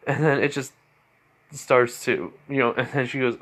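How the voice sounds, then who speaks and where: A man casually retelling a fan-made story, with a middle-pitched voice. He rambles and fills every pause with fillers. His delivery is loose and unscripted. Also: fairly bright tone.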